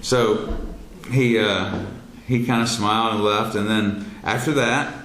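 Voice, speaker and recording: A man telling a personal story in a halting way, full of fillers and restarts, with loud quoted lines. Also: on the low side, steady tone. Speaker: speaker telling his near-death experience. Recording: roomy echo, faint background noise.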